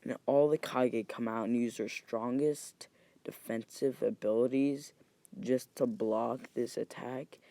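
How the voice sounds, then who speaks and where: Young guy telling a fan story, swears a ton, keeps correcting himself, gravelly mellow voice. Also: mid-range voice, steady tone, slow, no room sound. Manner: rambling, profane, self-correcting. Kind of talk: casual retelling of a fan story.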